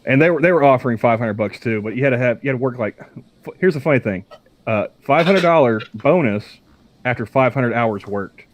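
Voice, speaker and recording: A man co-hosting a podcast, telling a story in casual chat, halting often with fillers. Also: mid-range voice, expressive. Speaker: podcast co-host.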